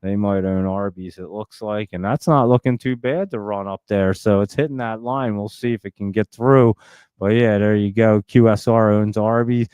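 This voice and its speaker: A man hosting a live stock-market stream, talking very fast in a chatty, rambling way and laughing often. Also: on the low side, steady tone, a little mellow, clean tone, no room sound. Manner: talks extremely fast and nonstop. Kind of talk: casual live-stream chat.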